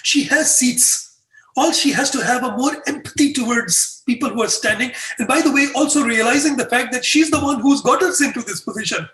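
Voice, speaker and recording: A man's voice: very high-pitched, brisk. A man, a guest in an interview, telling a story and acting out the dialogue. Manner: animated, acts out dialogue with voices. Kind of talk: storytelling in conversation. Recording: echoey room, far from mic.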